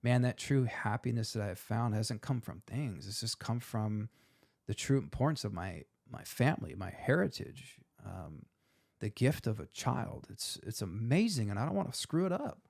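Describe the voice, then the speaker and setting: A man in his forties with a low, gravelly voice opens up in a candid interview. He talks in a heartfelt, emotional way, dropping casual words as he goes. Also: expressive, normal speed, darkish tone. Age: 40s. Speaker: firefighter guest.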